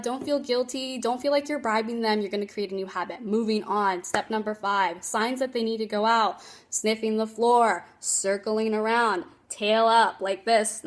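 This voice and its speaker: A woman dog trainer giving casual tips on a phone livestream, chatty and emphatic, laughing often. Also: fairly high pitch.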